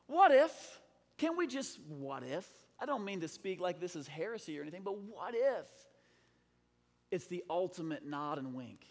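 A man preaching a sermon as a pastor, swinging between loud, impassioned lines and hushed, dramatic ones. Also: high voice, long reverb tail.

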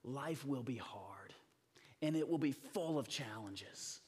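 Animated preacher man in a big echoing hall. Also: mid-range voice, slow pace, a little hiss or hum. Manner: animated storyteller, acts out voices, swings from loud to whispers. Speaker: pastor. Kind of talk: sermon. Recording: long reverb of a large hall.

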